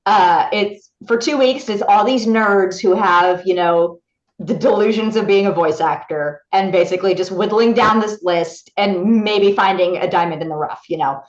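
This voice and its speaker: A woman voice actor, a guest on an interview show, telling a story in a lively way and acting out other people's lines in bright voices. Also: medium pitch, normal speed. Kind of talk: animated anecdote telling. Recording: roomy, slightly dull recording.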